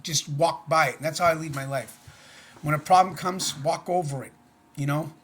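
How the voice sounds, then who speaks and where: Middle-aged man, earnest and plainspoken, a touch high-pitched, rambling vlog talk. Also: moderate pace. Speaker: vlogger. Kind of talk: casual personal vlog.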